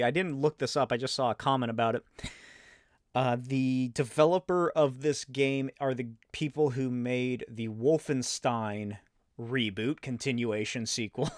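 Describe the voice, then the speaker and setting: A man's voice: on the high side, no room sound, clean studio sound. A man in his thirties chatting casually and rambling as host of a solo show, swearing and laughing often. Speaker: podcast host.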